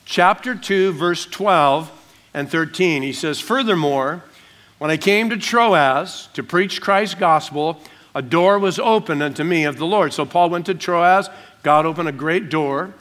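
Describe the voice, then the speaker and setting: A man, a pastor preaching a sermon and teaching through a passage verse by verse, breaking into small acted-out scenes in softer voices. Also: a little high, measured pace. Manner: animated, acts out little scenes in dropped voices.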